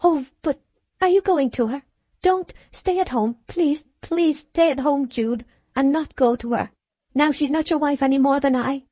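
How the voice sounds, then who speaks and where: A woman's voice: sits high, moderate pace, dark tone, no echo, voice pushed up, close to an everyday voice. Woman voicing a plaintive, jealous young woman. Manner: plaintive, distraught. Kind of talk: audiobook character reading.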